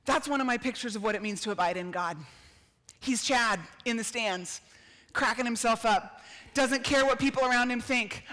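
A middle-aged woman giving an animated storytelling sermon, acting out quotes with laughs and shouts. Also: fairly high pitch, moderate pace, long pauses, big-room sound. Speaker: speaker at a church gathering.

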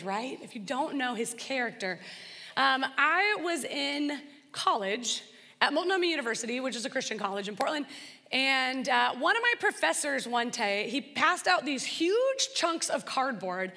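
A woman's voice: high voice, sharp tone, long reverb tail. A young adult woman giving an earnest, conversational faith talk, acting out prayers as she teaches. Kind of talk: sermon-style teaching talk.

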